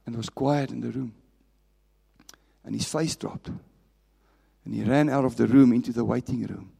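A man's voice: medium pitch, measured pace, vocal fry, husky. Man, pastor, sermon, impassioned, long hall reverb. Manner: impassioned storytelling, swinging from raised to hushed.

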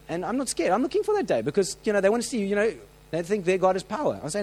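A man preaching a sermon, telling stories with lively acted-out voices and frequent restarts. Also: high-pitched, racing, hardly any pauses, rough recording. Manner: animated storytelling, acts out quoted voices; many restarts and filler words.

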